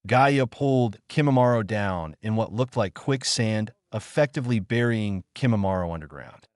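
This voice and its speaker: Low-voiced man narrating fanfiction. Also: expressive, moderate pace, no echo, studio quality. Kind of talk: first-person fanfiction narration.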